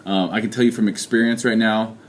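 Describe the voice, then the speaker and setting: A man's voice: lowish voice, fairly even intonation, fairly quick, a little hiss or hum. A young man talking casually in a video diary, joking and poking fun at himself as he rambles. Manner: joking, rambling, self-mocking. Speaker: fitness vlogger. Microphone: handheld camera.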